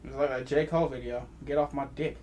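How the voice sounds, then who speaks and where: A man's voice: mid-range voice, steady tone, fast, darkish tone, a little hiss or hum. A man hosting a casual podcast, blunt and crude with jokey asides. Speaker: podcast host. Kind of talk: casual chat.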